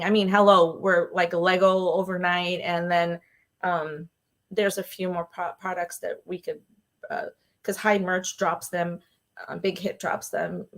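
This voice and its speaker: A woman hosting a solo livestream show, talking casually and excitedly with frequent laughs and fillers. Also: fairly low pitch, gravelly. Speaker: podcast host.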